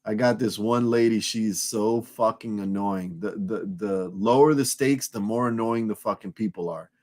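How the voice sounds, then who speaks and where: Low-voiced man rambling on a live stream. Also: normal speed, a little mellow. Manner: loose, profane, rambling with restarts. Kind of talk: casual live-stream chat.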